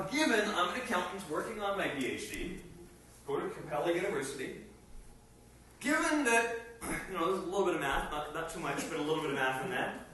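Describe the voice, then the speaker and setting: A man preaches to a gathering with a bright, somewhat high voice, climbing into emphatic bursts. He is caught from far off in a very echoey hall, with a faint hiss behind him. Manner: animated, rising to emphatic bursts. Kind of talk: sermon. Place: meeting hall.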